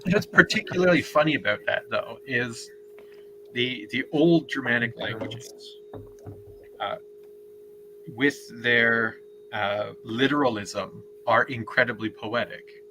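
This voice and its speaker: A man in casual chat, explaining a point thoughtfully with many pauses and ums. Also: medium pitch, noisy background.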